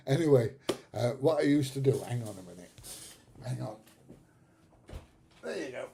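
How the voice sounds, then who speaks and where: Hosting a laid-back livestream, a middle-aged man speaks a little slowly in a lowish, creaky, mellow voice, leaving long pauses. He chats with his live audience, chuckles at his own tales, and drops the occasional swear word, with a faint hiss or hum underneath.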